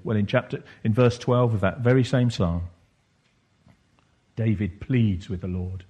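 A man's voice: on the low side, steady tone, a little slow, mellow. A man preaching a sermon, reflective and questioning, rising at times into impassioned bursts.

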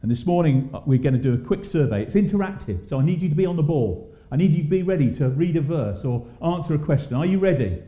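A man's voice: on the high side, expressive, quick pace, few pauses. A man leading an interactive Bible study in a church hall, questioning the group with many ums and restarts. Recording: echoey, muffled church hall.

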